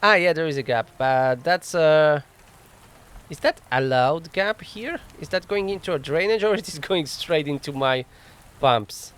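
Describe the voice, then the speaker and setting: This man's voice is smooth, a bit bright, and a little high, animated yet slightly slow. He's a gaming channel host doing a laid-back let's play into a desk mic, narrating his thoughts, laughing frequently, and teasing himself with dry humor.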